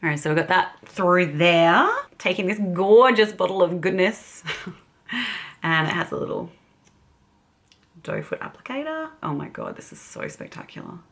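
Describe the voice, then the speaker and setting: A woman's voice: lowish voice, moderate pace, fairly bright tone. An Australian woman chatting casually as a beauty vlogger while doing her makeup, giggling often. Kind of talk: casual get-ready-with-me chat.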